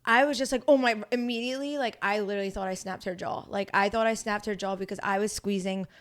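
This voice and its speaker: Animated young woman with a smooth voice. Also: mid-range voice, quick pace. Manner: animated storyteller, acts out quotes, swears freely. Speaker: podcast guest, grappler. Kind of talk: casual podcast chat.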